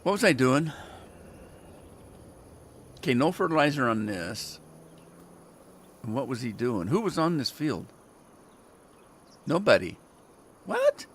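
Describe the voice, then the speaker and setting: A man's voice: mid-range voice, big pitch swings, takes it slowly, pauses often, slightly rough. An older American man chatting and telling rambling stories while he streams a farming game, often chuckling. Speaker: gaming livestreamer. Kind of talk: casual chat while playing.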